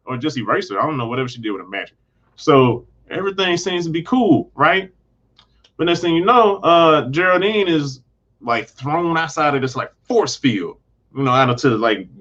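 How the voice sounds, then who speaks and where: A man's voice: medium pitch, a bit bright, highs cut off. A man casually recapping and reviewing a TV episode, rambling with lots of fillers and acting out characters' lines in a loose, slangy way. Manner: rambling, full of fillers like "you know" and "like". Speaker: film and TV reviewer.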